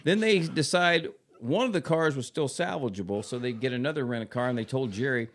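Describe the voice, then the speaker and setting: A man's voice: medium pitch, fairly quick. A man telling a racing story in a casual studio chat, acting out the people he quotes. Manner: lively, acts out the people he quotes.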